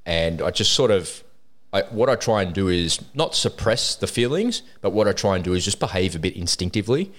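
A man's voice: sits low, lively intonation, fairly quick. A man hosting a podcast, talking in a casual, reflective, rambling way. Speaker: podcast host. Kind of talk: casual interview chat.

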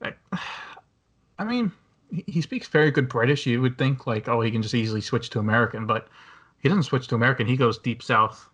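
A man's voice: medium pitch, animated, brisk, a bit bright, husky. Man, podcast host, casual movie chat, rambling, lots of fillers. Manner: rambling, many fillers and restarts.

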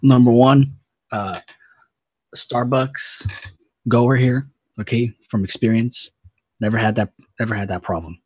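A man co-hosting a podcast in casual chat, laid-back and quick to laugh along. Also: medium pitch, steady tone, a little mellow, breathy edge, no room sound.

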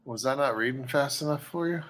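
A man co-hosting a podcast in casual chat, playful and quick with jokes. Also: mid-range voice, a bit bright. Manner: joking, playful, quick to tease. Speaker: podcast co-host.

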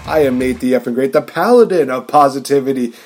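A man's voice: mid-range voice, fast talker, darkish tone, soft background music. Hyped-up male podcast host. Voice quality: hype, announcer-like delivery. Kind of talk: casual podcast chat.

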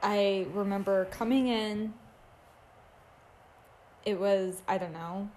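A woman co-hosting a casual podcast. She speaks at an unhurried, slow pace and teases herself, breaking into laughter often. Faint background noise sits under her voice. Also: mid-range voice, steady tone, a little mellow. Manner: laughs often, playful and self-mocking. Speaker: podcast co-host. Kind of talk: casual chat.

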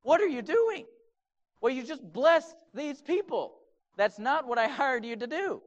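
A preacher playing an exasperated, angry king with his voice raised high, on a dull lo-fi recording. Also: big pitch swings, measured pace, exaggerated voice. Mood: outraged. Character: angry king, outraged employer.

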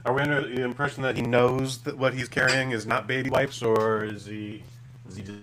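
A man co-hosting a live podcast, bantering with quick, jokey interjections. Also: medium pitch, flat delivery. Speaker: podcast co-host. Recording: live show, audience noise behind.

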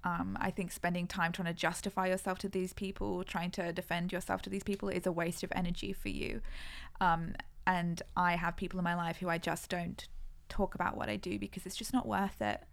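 Reflective woman with a creaky voice. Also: on the low side, level tone, a little fast. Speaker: podcast co-host. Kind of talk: casual chat.

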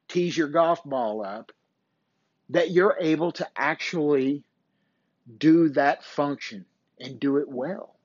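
Male podcast host, slow deliberate coaching-style faith talk, earnest, dull lo-fi sound. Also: medium pitch, darkish tone, no room sound. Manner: earnest, preachy, coaching tone with mild swearing. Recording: dull dry lo-fi recording.

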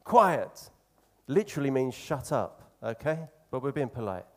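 A man preaching a sermon in an earnest, conversational way, slowing down to stress key phrases. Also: mid-range voice, animated, darkish tone.

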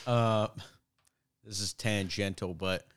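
Male podcast host, dry jokey asides, clean resonant voice, lowish pitch. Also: fairly even intonation, takes it slowly, clean tone, no echo. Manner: wry, joking asides; swears freely. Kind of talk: casual chat.

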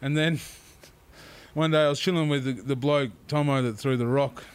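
A man's voice: medium pitch, normal speed, clear, resonant tone. A man, a podcast guest telling stories casually and animatedly. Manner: animated, acts out quotes in raised voice, laughs often. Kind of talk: casual storytelling.

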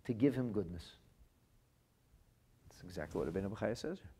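A man's voice: fairly low pitch, lively intonation, brisk, pauses often, warm tone, slightly rough. A man teaching a Torah class as a rabbi, reading phrases from classic texts aloud and translating them into plain speech. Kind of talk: lively text-based Torah lesson.

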